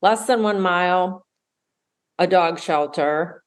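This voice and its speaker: Low-voiced woman hosting a podcast. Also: smooth. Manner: eager, rambling, with quick restarts. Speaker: podcast host. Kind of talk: casual chat.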